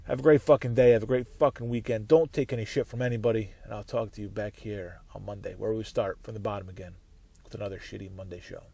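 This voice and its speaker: A man's voice: fairly low pitch, fairly even intonation, quick pace, creaky, warm tone. A man hosting his own show, ranting angrily about football with heavy swearing and rambling restarts. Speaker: podcast host. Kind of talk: profane sports rant. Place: on the way to work, solo recording.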